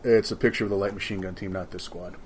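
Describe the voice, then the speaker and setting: A man's voice: low-pitched, fairly even intonation, fast, a little hiss or hum. A man co-hosting a casual tabletop wargame chat, reading unit rules aloud with jokes and swearing. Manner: jokey, swears, stumbles over foreign words. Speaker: podcast co-host.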